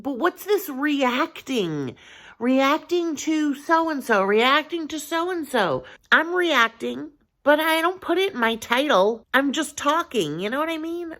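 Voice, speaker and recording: A woman with a high, fairly bright voice vlogs to her viewers in an easygoing way. She's earnest and meandering, restarting often and leaning on fillers as she thinks aloud.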